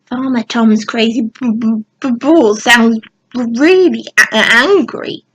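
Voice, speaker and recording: A woman reading aloud voicing a gang of sneaky, nervous male goblins that stutter and hiss, with a slightly husky, fairly high voice. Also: moderate pace, fairly bright tone, rough recording. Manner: stuttering, hissing, demanding.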